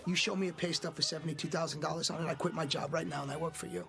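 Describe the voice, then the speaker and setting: A man's voice: on the high side, fairly even intonation, creaky. An actor playing a mouthy, disbelieving young man who swears as he questions his neighbor in a film scene. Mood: incredulous. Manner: disbelieving, profane, quick to mock. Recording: film audio with music underneath.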